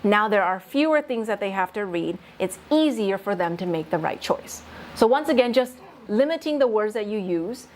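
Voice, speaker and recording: A woman's voice: medium pitch, lively intonation, moderate pace, a little hiss or hum. A woman leading a teaching workshop for faculty, explaining test writing patiently with worked examples and light laughs. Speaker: faculty development presenter.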